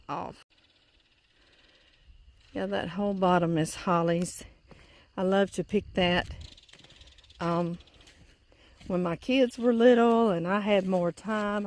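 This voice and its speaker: A woman's voice: mid-range voice, a little mellow. A middle-aged woman with a Southern accent from Louisiana, chatting folksy and laughing often as she walks outdoors, filming on a phone. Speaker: vlog host. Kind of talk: casual walking vlog. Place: outdoors in a pasture, then a porch.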